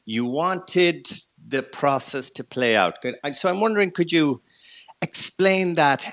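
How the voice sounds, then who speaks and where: A man's voice: fairly high pitch, unhurried, fairly bright tone, no echo. A man with an Irish accent, a guest in a casual live chat, politely and reflectively asking the host a question, with many hesitant fillers.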